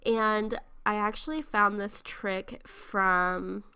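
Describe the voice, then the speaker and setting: A woman's voice: medium pitch, steady tone, takes it slowly, bright, forceful tone, clean tone. A young woman talking casually over her game footage, stuffy and congested from a sinus infection and just out of bed, chatty, with frequent ums and small laughs. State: just woken up. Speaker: YouTuber narrating a speed build.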